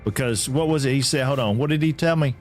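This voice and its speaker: A man's voice: mid-range voice, fast talker, faint music behind. A man from Georgia, chatting casually with viewers while streaming a game and often repeating himself. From Atlanta, Georgia.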